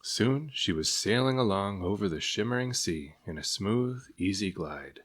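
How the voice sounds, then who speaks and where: A man reading a children's picture book aloud in an expressive storytelling way. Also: lowish voice, normal speed.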